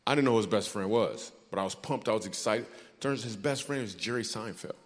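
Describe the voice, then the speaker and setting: A man's voice: fairly low pitch, brisk, slight background noise. A man from Michigan doing stand-up comedy, telling a story with playful asides to the crowd. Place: large theater stage. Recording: hall reverb on a theater stage.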